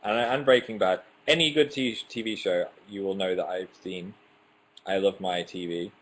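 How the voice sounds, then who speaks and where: Using a webcam mic, a young man with a low voice talks at normal speed while hosting a casual livestream. He chats and reads out viewers' comments, is self-deprecating, and occasionally fumbles his words.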